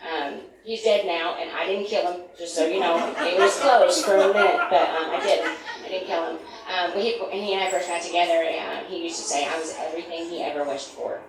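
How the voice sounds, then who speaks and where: Self-deprecating middle-aged woman in an echoey room. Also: on the low side. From United States. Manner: self-deprecating, rambling asides. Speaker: stand-up comedian. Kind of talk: stand-up comedy set. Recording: echoey room from far, noisy.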